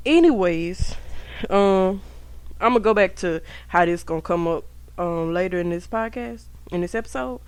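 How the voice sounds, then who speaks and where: A young woman hosting a podcast, telling stories from her school years in a casual, profane, animated way, talking straight to her listeners. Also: on the low side, normal speed, clean tone, no echo. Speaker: podcast host. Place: indoors at home.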